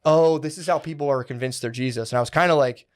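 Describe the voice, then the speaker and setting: A man's voice: fairly high pitch, fast. Rambling, profane young man telling a story. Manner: rambling, peppered with "like" and "dude", profane. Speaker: podcast co-host. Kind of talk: casual storytelling.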